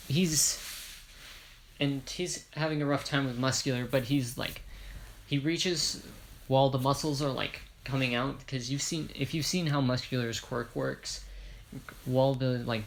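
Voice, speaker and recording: A man from Ireland with a gravelly, creaky voice, casually talking through a fan story. He rambles, corrects himself mid-sentence and tosses in joking asides, at an ordinary mid pitch. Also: fairly even intonation, a little slow, slight background noise.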